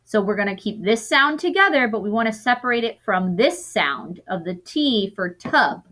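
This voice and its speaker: A woman teaching a recorded lesson to young students, sounding out word parts slowly and often correcting herself as she goes. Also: medium pitch, lively intonation, bright, forceful tone.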